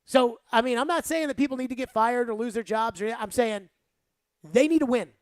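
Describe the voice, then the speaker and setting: A woman's voice: a little high, fairly quick, no echo. A woman hosting sports talk radio, giving rambling, emphatic opinions and saying "like" a lot.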